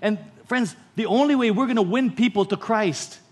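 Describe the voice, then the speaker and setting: A man's voice: high voice, moderate pace, a little mellow, breathy edge. A man with a Filipino accent preaching a sermon as pastor, telling stories and repeating key lines.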